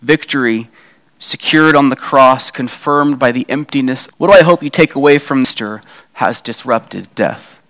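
A pastor preaches conversationally, posing rhetorical questions to the congregation and acting out quoted lines with a raised voice. His voice is medium in pitch, a bit bright, and moderately paced.

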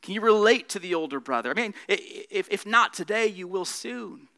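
A male pastor preaches a sermon earnestly at normal speed, his bright, forceful voice sitting a little high for a man. He's expressive, swelling on key points and dropping softer as each one closes.

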